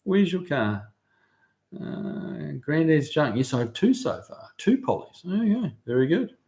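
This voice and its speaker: A middle-aged man with a New Zealand accent, hosting a casual live stream from his car shop, reading out viewer comments in a relaxed, chatty way full of ums and uhs. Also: fairly high pitch, normal speed.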